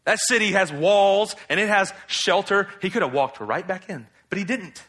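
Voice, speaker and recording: A man delivers a sermon in a loose, conversational way, asking his listeners rhetorical questions. His voice sits a little high and sounds bright. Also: animated, moderate pace. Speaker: preacher. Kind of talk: expository sermon.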